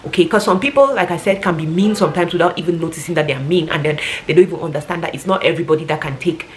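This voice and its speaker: A woman's voice: fairly low pitch, rapid-fire, slight background noise. A woman talking casually and earnestly, giving rambling advice like a vlogger.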